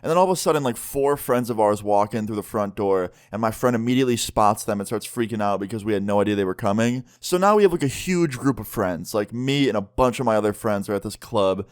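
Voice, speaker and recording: A man's voice: lowish voice, lively intonation, fast, few pauses. A man in his twenties telling a story on a vlog in a casual way, using lots of fillers. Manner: casual storyteller, heavy use of "like". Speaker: vlogger.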